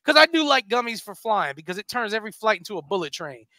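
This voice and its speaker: A man's voice: sits high, quick pace, no room sound. A man, a stand-up comedian, telling a comic story in a radio studio and acting out every voice in it. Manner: lively, acts out every voice in his story.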